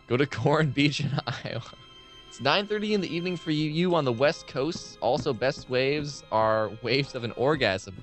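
A man's voice: medium pitch, lively intonation, normal speed, faint music behind. A man chatting loosely with viewers while streaming a horror game, rambling and swearing freely. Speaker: gaming live streamer. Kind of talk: casual live-stream game commentary.

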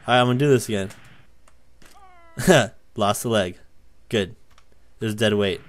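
A young man talks through a game at an unhurried, drawn-out pace and an ordinary pitch. He swears often and bursts into loud yells whenever he crashes or pulls off a stunt. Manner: excitable, swears often, yells at wins and deaths. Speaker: gaming YouTuber. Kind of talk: gameplay commentary.

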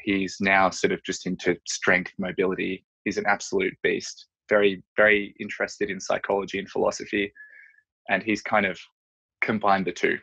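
A man with a low, husky voice talks through his ideas in a relaxed, searching way, often pausing on fillers. The recording is dull and lo-fi. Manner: reflective, searching, many fillers. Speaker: strength and yoga coach, podcast guest. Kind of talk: casual interview chat. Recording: dull lo-fi audio.

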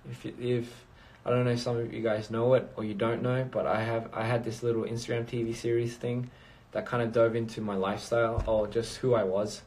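A man's voice: mid-range voice, flat delivery, a little fast, hardly any pauses, darkish tone. A man chatting casually on a phone livestream, rambling and reading out viewer comments. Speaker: livestream host.

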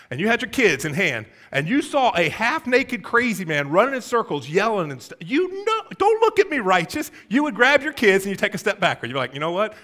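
A middle-aged pastor preaching a sermon in a church, acting out scenes and joking with the congregation. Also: male voice, sits high. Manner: animated, folksy, acts out scenes and asides to the congregation. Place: church sanctuary.

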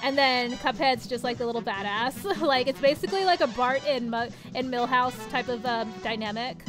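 Giggly high-voiced woman streaming a game. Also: normal speed. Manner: giggly and chatty, reads chat and story text aloud. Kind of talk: casual live-stream chat while gaming. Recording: game music behind the voice.

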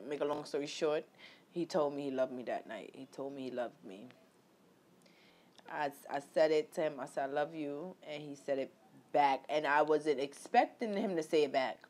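A woman telling a personal story straight to her viewers, loose, emphatic and heavy on swearing. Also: lowish voice. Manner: loose, profane, emphatic, addresses viewers directly. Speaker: vlogger.

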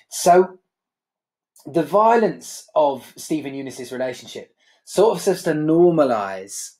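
A man's voice: mid-range voice, a little mellow. A man teaching a literature lesson in a conversational way, often checking in with "right?".

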